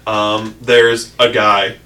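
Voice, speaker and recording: A man's voice: fairly low pitch, level tone, very slow, pushed and bright, distant mic. A man running a tabletop game as game master, narrating scenes and answering players with a laugh.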